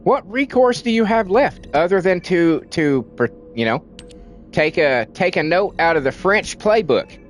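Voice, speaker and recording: A man's voice: high-pitched, expressive, a little slow, soft background music. Heated, profane male streamer. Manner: heated, profane, repeats words for emphasis. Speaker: livestreamer. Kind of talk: casual ranting commentary on stream.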